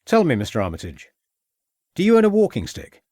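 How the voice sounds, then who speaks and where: A man's voice: high voice, wildly swooping pitch, brisk, darkish tone, no echo, voice pushed up. A man reading an audiobook, voicing a shrewd, stern male police inspector who questions in a dry, mocking way. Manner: probing, dryly mocking.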